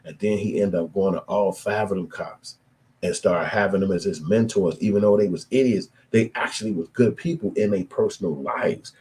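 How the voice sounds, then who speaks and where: Animated profane man telling stories. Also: fairly low pitch, rough recording. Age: 20s to 30s. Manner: animated, profane slang, acts out quoted voices. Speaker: storyteller. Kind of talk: casual street storytelling monologue.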